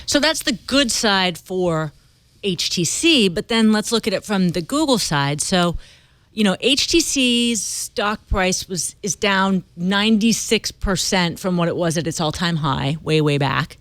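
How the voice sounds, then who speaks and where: A woman guest-hosting a tech talk panel in a brisk, joking way. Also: mid-range voice, expressive, fairly bright tone, no room sound. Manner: playful, brisk, jokey. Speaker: guest host.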